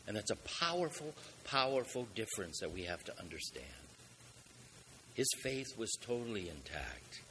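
A man's voice: fairly low pitch, sing-song, moderate pace, sharp tone, a little hiss or hum. A man preaching a sermon, asking rhetorical questions and building up with emphatic swells in volume.

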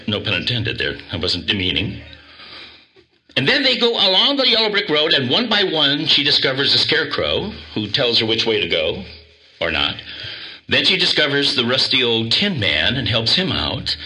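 A male pastor preaching an animated sermon, quizzing the congregation and coaxing them to repeat words after him. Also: mid-range voice.

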